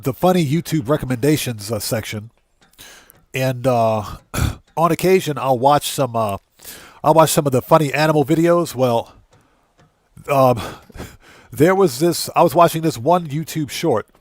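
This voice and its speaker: A man's voice: mid-range voice, darkish tone, no room sound. A man hosting a live gaming stream, chatting casually with viewers and laughing easily. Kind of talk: casual live-stream chat while playing.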